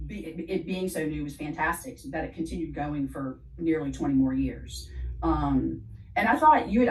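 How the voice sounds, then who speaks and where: Deep-voiced Southern woman, roomy and distant. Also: a little mellow. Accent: Southern US, Louisiana. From South Louisiana. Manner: measured, explanatory storytelling. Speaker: guest, theater director. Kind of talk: interview conversation.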